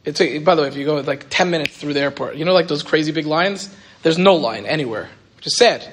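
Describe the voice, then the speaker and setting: Animated man telling a story. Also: a little high, fast, a little hiss or hum. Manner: animated storytelling, acts out quoted dialogue, frequent "like". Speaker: rabbi and teacher. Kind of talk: storytelling Torah talk.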